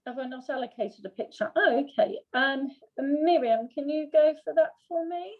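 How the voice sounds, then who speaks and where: A woman's voice: high-pitched, normal speed, phone-quality sound. A woman directing a play reading, giving friendly, hesitant notes to her cast. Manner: friendly, hesitant, laughs easily. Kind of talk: giving notes at a read-through.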